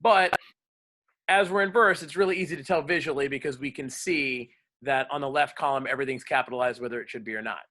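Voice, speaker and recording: Bright-voiced male drama teacher. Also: medium pitch, quick pace. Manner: lively, explains and quizzes students. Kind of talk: classroom lecture.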